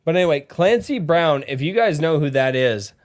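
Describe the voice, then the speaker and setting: A man's voice: a little high, normal speed. A man hosting a casual live-streamed podcast, rambling and swearing as he chats with his co-hosts. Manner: rambling, profane, lively. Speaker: podcast host.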